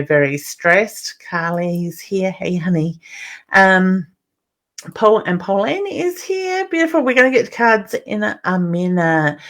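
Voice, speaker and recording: Chatty Australian woman, lowish voice. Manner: chatty, reads out viewer comments, calls people honey. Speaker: psychic medium hosting a live stream. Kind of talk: live-stream chat with viewers.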